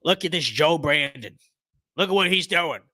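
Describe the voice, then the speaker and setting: A man's voice: a little high, animated, normal speed, pushed and bright. A man putting on the voice of an indignant old Southern retiree, grumbling in a drawling, exaggerated twang.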